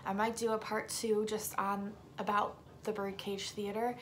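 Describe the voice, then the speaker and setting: A woman vlogger with a sore throat, telling a story to her viewers in an emphatic, casual way and sometimes dropping into a hushed whisper. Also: mid-range voice, level tone, measured pace, a little hiss or hum.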